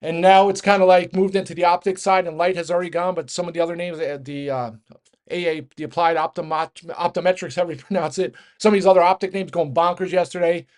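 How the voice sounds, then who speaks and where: Fast-talking man ranting about markets. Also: high voice, steady tone, darkish tone. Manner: rapid, rambling, many restarts and filler. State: out of breath. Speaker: market commentator. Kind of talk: fast casual market rant.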